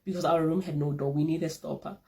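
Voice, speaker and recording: Animated young woman telling a story. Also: low-pitched, fast talker. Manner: animated, repeats phrases for emphasis. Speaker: vlogger. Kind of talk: casual storytime.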